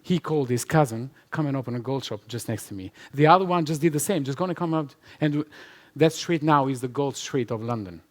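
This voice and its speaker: A man's voice: medium pitch, a little fast, few pauses. A man giving a conference talk and answering audience questions, emphatic and repetitive, laughing often. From Albania. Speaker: conference speaker. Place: conference hall with live audience.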